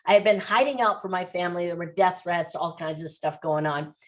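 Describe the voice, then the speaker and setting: A woman guest on a podcast, telling personal stories in an emphatic, animated way, often repeating phrases for stress. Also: fairly low pitch, fairly quick. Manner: emphatic, animated storytelling with repetition. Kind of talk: interview.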